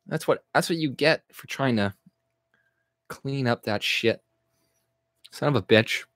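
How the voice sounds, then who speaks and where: Young guy from Canada, streamer, rambling and profane, mid-pitched voice, dry close sound. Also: dry recording. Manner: reads chat aloud and answers it. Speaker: livestream host. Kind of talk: casual livestream chat.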